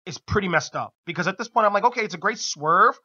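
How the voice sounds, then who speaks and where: Excited man recapping wrestling, bright voice. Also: high voice, fast, breathy edge, lo-fi sound. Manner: enthusiastic, laughs often, many fillers. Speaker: radio show co-host. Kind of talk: casual wrestling recap chat. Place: radio studio.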